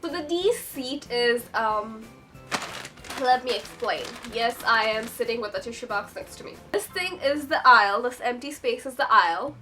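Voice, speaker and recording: A young woman telling a story in a chatty, excitable vlog, breaking into sudden high squeals. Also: normal speed, soft background music. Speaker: vlogger.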